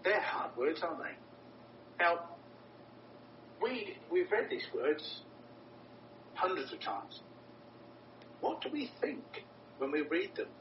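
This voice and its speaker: A man's voice: sing-song, takes it slowly, pauses often. A man preaching a sermon in an earnest, emphatic way, often repeating words for stress. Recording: roomy, distant, dull with low rumble.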